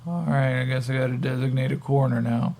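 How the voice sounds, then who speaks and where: Stoned goofy captive dude, higher drawly voice, kinda gravelly, guy putting it on. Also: little pitch movement, brisk, mellow. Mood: dazed. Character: drugged-up male captive, dazed and goofy.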